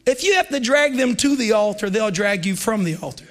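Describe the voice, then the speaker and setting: A man in his thirties preaching a revival sermon to a congregation in a church, swinging between shouted exhortation and hushed storytelling. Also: high voice, animated, fairly quick, slight background noise. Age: 30s.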